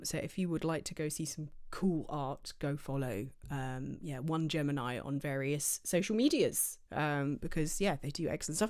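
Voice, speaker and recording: A woman's voice: deep voice, a little mellow, clean tone. A woman streamer chatting casually from her home office, rambling with lots of fillers and tangents. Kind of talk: casual livestream chat.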